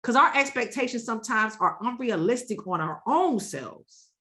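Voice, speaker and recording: Bright, high-voiced woman host. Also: expressive, moderate pace. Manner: enthusiastic, affirming, preacher-like emphasis. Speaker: podcast host. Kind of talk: casual chat.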